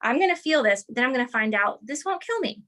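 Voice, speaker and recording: A woman explaining an idea in an interview, animated and teacherly, often checking in with "right?" and "okay". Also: on the high side, fast.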